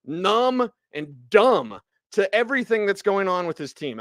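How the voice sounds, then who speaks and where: A man co-hosting a sports radio show, ranting loudly and mocking people with put-on quotes. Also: sits high, sing-song, measured pace, dry recording. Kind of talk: heated sports radio rant.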